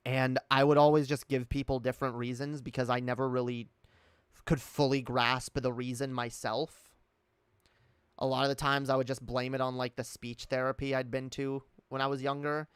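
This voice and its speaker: A man's voice: mid-range voice, little pitch movement, moderate pace, clean tone, no room sound. Candid swearing man with British put-on accent. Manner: candid, rambling, swears often; reads and answers chat. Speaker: streamer. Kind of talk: casual live-stream chat.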